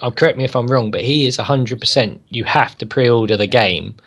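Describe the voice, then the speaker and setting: A man's voice: mid-range voice, a little fast, a bit bright. A man co-hosting a casual wrestling chat, playful and joking, often tagging his lines with questions. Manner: playful, joking, asks many tag questions. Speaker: co-host.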